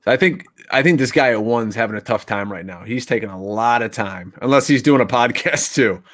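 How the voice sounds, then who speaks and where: A man's voice: mid-range voice, a little fast, fairly bright tone. Conversational male podcast co-host. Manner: conversational, asks questions, plugs the channel. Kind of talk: casual fantasy football chat.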